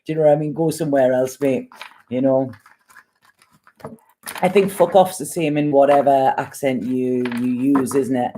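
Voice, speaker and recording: A woman tarot reader with a deep voice who talks in a chatty, rambling way and swears bluntly while giving readings. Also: steady tone, normal speed, pauses often, dark tone, slight background noise.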